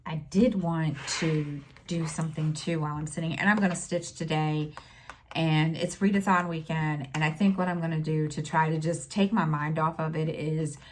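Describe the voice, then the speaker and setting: A middle-aged woman talking in a casual personal vlog, halting and full of fillers, close to tears. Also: sits low, fairly even intonation, a little hiss or hum. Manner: halting, many fillers and restarts. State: tearful, near crying. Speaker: stitching vlogger.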